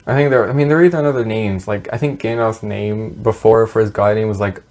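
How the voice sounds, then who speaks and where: A man's voice: on the low side, steady tone, fairly quick, darkish tone. Rambling sweary podcast guy. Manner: rambling, sweary, laughing retellings. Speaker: podcast co-host. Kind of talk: casual chat. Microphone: podcast mic.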